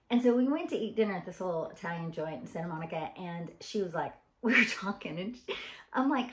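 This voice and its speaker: Fast-talking and expressive, a medium-pitched woman vlogger from Arkansas rambles through a story with plenty of "ums," her Southern accent clear. She sounds tired, and the recording has an echoey room.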